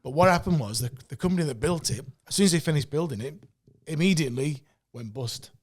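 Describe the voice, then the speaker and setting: A man, telling rambling, animated stories in a casual podcast chat and swearing often. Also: on the high side, fast, breathy edge. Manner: rambling, animated storytelling with frequent swearing and restarts.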